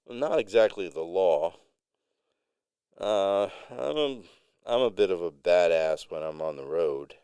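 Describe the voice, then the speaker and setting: A man voicing a cocky, animated male rock musician who boasts. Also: low voice, measured pace, clean tone, no room sound. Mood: boastful.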